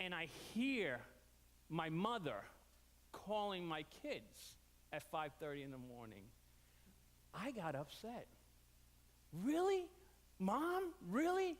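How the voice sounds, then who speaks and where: A man preaching a storytelling sermon, animated and leaping up in pitch for quoted voices. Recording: reverberant hall.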